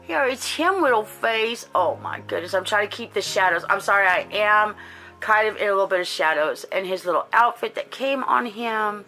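A woman's voice: mid-range voice, moderate pace, bright, forceful tone, soft background music. Woman chatting on her doll channel, gushy and doting, lots of ums. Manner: gushing, doting, many fillers. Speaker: doll collector and channel host. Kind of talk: casual chatty unboxing vlog.

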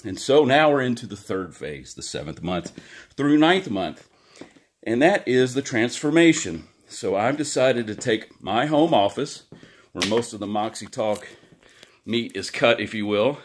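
A man's voice: mid-range voice, expressive, measured pace. A man hosting his own talk show, giving a chatty, upbeat update to his viewers from his home office, a little out of breath. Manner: upbeat and chatty, talking straight to his audience. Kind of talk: casual video update to viewers.

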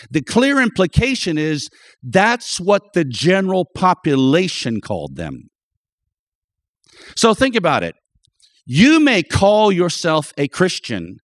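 A man's voice: on the high side, no room sound, studio quality. A man preaching a sermon as pastor, emphatic, repeating key phrases and calling out to the congregation for an amen.

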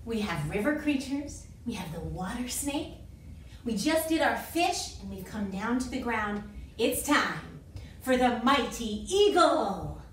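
High-voiced upbeat woman dance teacher. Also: sing-song, unhurried, fairly bright tone, a little hiss or hum. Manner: upbeat, encouraging, calls out counts and chants. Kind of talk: leading a children's dance class. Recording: echoey room from a distance with music.

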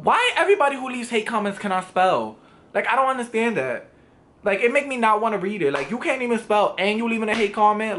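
A man's voice: high-pitched, fast. A young man from New York with a New York accent, reading comments to camera in an assertive, sassy way. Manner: assertive, sassy, animated delivery. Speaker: YouTuber.

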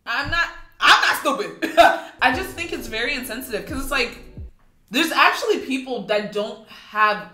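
A woman's voice: high-pitched, animated, normal speed, bright, forceful tone. A young woman giving casual, incredulous, sarcastic reaction commentary as a YouTuber. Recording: echoey room with music playing.

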